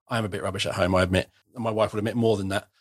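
A man's voice: on the low side, fairly even intonation, fast, husky, dry recording, clean studio sound. A middle-aged man hosting a casual conversation, chatty and self-deprecating, often restarting his sentences.

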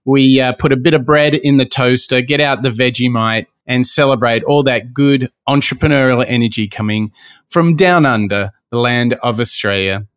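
A male podcast host with a smooth, clean voice, talking in a chatty, playful way. His voice sounds close and dry, with no room around it. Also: medium pitch, normal speed, fairly bright tone, no echo. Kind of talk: casual podcast sign-off.

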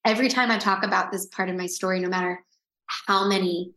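A woman's voice: medium pitch, fairly even intonation, a little fast, a bit bright, roomy sound. A woman, the guest in an interview, telling a personal story with earnest feeling and frequent restarts.

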